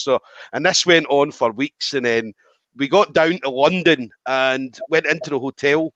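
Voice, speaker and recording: Male podcast host, lively storyteller, acts out quotes, dry and slightly dull audio. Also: a little high, a little slow, no room sound. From Scotland. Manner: animated, acts out quoted lines, swears freely. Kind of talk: casual storytelling chat.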